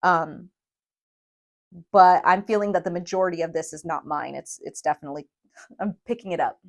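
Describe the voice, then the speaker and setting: A woman giving a tarot reading to viewers, emphatic and emotional, often checking in with a quick "okay?". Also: fairly low pitch. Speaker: tarot reader.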